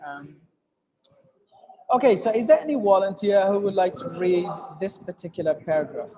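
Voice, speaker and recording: A man with an Indian English accent runs a reading class, stopping a student to correct her phrasing and reading lines back himself. His voice sits fairly high for a man. He sounds patient as he corrects. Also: expressive, moderate pace, dull audio, a crowd in the background. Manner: corrective, patient, models sentences aloud. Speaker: English teacher. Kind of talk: live online reading class.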